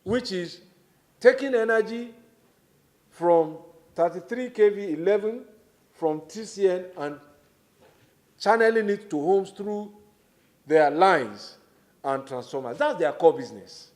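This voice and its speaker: At a formal public hearing, a middle-aged man with a Nigerian accent, serving as a government minister, explains his points deliberately and with measured pace, leaning on key words. His voice is a little high, animated, and a little mellow.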